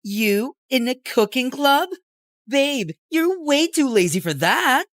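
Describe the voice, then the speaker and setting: A blunt teen girl, voiced by a woman teasing her friend in an animated story. She speaks slowly, with a lively, swooping pitch, in a dry recording. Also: dry recording.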